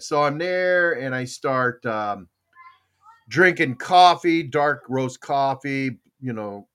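An older American man hosting a podcast, telling stories in a casual rambling chat and acting out dialogue. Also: mid-range voice. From United States. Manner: storytelling, animated, acts out dialogue. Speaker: podcast host.

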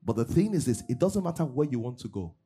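A man preaching a sermon in church, swinging between loud bursts and low asides. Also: sing-song, quick pace, breathy edge. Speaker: pastor. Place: church service.

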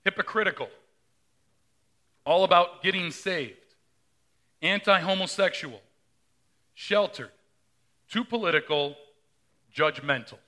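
A man's voice: high voice, slow, long pauses, sharp tone. A middle-aged male pastor preaching a sermon in a conversational way, often asking the congregation questions.

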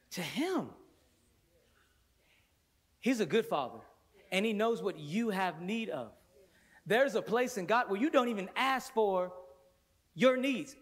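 A worship pastor preaching a sermon to a congregation in a church, fervent, swinging between loud bursts and hushed stretches, with playful joking asides. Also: male voice, high-pitched. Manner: playful storytelling asides with laughter. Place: church sanctuary before a congregation.

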